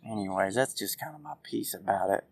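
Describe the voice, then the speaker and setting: A man's voice: lowish voice, lively intonation, brisk, creaky, breathy edge, dry recording. A man ranting through a casual solo podcast, profane, rambling and exasperated. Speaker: podcast host.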